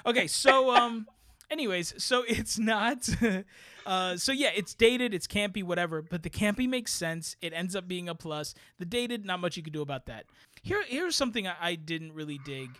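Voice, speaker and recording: Animated higher-voiced man reviewing a film. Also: normal speed, no echo. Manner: animated, rambling, asks "right?" a lot. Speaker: podcast co-host. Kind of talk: casual movie review chat.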